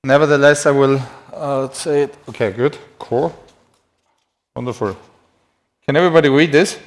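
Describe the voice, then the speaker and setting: Man, English speaker, anatomy lecturer, live-streamed lecture, chatty, self-deprecating, medium pitch. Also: moderate pace. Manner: chatty and self-deprecating, writing on a board as he talks.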